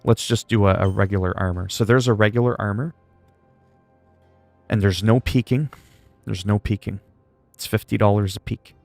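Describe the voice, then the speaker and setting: Gravelly-voiced man chatting on a livestream. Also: fairly low pitch, steady tone, normal speed, pauses often, darkish tone, no room sound, faint music behind. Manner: joking, rambling, reads chat aloud. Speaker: gaming livestreamer. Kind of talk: casual livestream chat.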